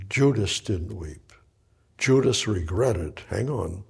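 A man teaches from the Bible verse by verse, his voice gravelly and a little husky. He speaks slowly and deliberately, rising to loud emphatic bursts and dropping to a hushed near-whisper. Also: lowish voice. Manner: reads scripture then explains it, swinging from loud emphatic bursts to hushed quiet. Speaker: preacher.

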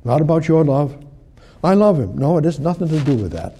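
A man preaching a sermon, emphatic and repetitive, swinging between loud declarations and soft near-whispers. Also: on the high side, big pitch swings, a little fast, slightly rough.

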